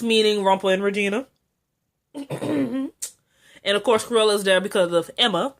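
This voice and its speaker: A young woman recapping a TV episode in a casual vlog, chatty and excitable, full of fillers and asides. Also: measured pace, long pauses. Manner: chatty and excitable, frequent "like" and filler, jumps high when excited. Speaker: TV episode reviewer.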